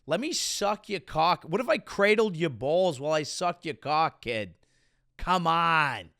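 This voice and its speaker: Brash, lewd Boston woman, put on by a man, high and gravelly. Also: expressive, a little slow, sharp tone, dry recording, studio quality, exaggerated voice. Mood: crude, coaxing. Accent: mock Boston. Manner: lewd, rowdy, coaxing.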